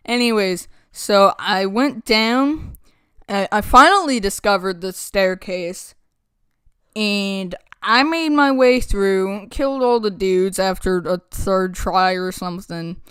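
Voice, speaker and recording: A woman's voice: medium pitch, animated, slow pace, a bit bright, clear, resonant tone, no echo, studio quality. A woman rambling through a casual game recap, blunt and mocking, laughing between remarks, with a playful put-on country twang. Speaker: gaming channel host.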